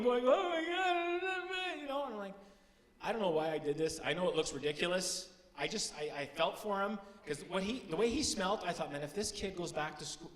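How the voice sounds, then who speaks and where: Middle-aged Canadian stand-up comic, bright and lively, stage mic in a big echoey hall. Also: male voice. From Timmins, Ontario, Canada. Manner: animated, swings into high shouted character bits. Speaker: stand-up comedian. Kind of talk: stand-up storytelling. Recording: roomy hall with long reverb.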